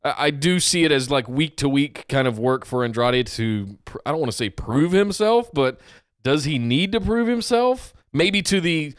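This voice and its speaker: Laid-back man with a smooth voice. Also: on the high side, lively intonation, moderate pace, no room sound, studio quality. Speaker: podcast co-host. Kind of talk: casual wrestling chat.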